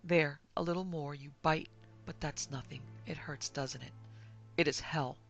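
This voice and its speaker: A woman voicing a bitter disfigured blind man bent on revenge, speaking in a quiet, coaxing, menacing way in a horror audiobook. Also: low-pitched, steady tone, measured pace, vocal fry, highs cut off, faint music behind.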